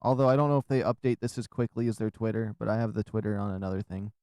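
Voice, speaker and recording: A man with a lowish, fairly flat voice talks fast in a slightly mellow tone, with no echo. He's a gamer livestreaming from his room, giving casual gameplay commentary as he chats and rambles to viewers, chuckling to himself and sounding a little out of breath.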